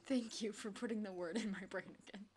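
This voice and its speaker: A woman's voice: mid-range voice, fairly even intonation, normal speed, a little mellow, slight background noise. Chatty woman streamer talking to herself. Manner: chatty, talks to herself, sing-song and exclaiming. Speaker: streamer playing a block-building game. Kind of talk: casual live-stream gameplay chat.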